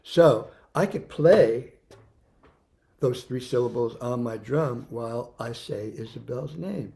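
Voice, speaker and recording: A man teaching a music lesson to young children, counting beats loudly and then dropping to soft prompts, repeating words patiently. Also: medium pitch, slow, gravelly.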